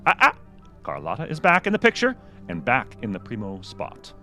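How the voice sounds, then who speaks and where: A man's voice: mid-range voice, huge pitch swings, pushed and bright, soft background music. Man giving a playful film critique. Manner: measured critique with playful interjections. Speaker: podcast co-host. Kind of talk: casual podcast film critique.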